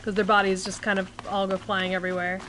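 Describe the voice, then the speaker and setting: A woman's voice: medium pitch, flat delivery, fast talker, fairly bright tone, slight background noise. A woman streaming a video game, chatting casually with viewers, grumbling and swearing often. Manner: frequent swearing, grumbling asides. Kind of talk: casual gameplay commentary. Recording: game music playing behind voice.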